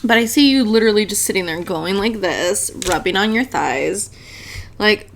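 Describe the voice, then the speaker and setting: A woman's voice: medium pitch, sing-song, unhurried. A woman giving a casual tarot reading to her viewers, chatty and blunt, swearing freely and laughing often. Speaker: tarot reader.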